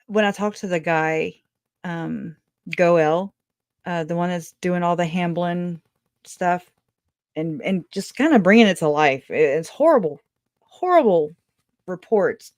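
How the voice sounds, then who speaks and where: A woman's voice: on the low side, darkish tone, no echo, studio quality. A woman hosting a call-in show, chatting casually, rambling and laughing often, trailing off mid-thought. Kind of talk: casual chat. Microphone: video call.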